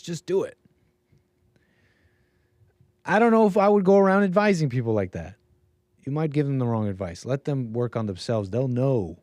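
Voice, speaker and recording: A man hosting a livestream, reacting to a debate clip in a chatty, animated way. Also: mid-range voice, no room sound. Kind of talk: casual reaction commentary.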